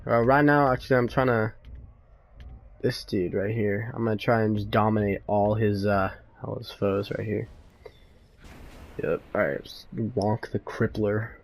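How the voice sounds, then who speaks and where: A man's voice: lowish voice, fairly even intonation, a little slow, creaky, a little hiss or hum, rough recording. A teenage boy doing casual gameplay commentary, rambling through a story with lots of fillers, restarts and crude slang. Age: teens. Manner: crude slang, laughs often. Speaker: gaming YouTuber.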